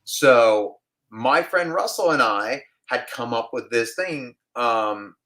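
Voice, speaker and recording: A man from New York, an actor, telling an animated story in a casual interview and acting out the people in it. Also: mid-range voice, slow. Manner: animated storyteller, acts out other people's voices.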